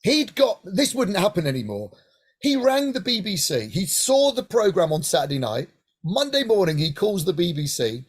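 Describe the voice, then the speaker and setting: A middle-aged man from Hampshire, England, telling lively stories in an interview and often checking in with "right?". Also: high voice, normal speed, slightly rough. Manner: animated anecdotal, frequent "right?" asides. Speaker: guest singer-songwriter. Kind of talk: casual interview storytelling.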